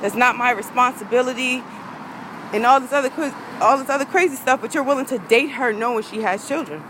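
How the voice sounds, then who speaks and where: A woman's voice: sits high, lively intonation, fast talker, background noise. A woman, a vlogger in an angry rant to her viewers, heated, profane and repeating herself.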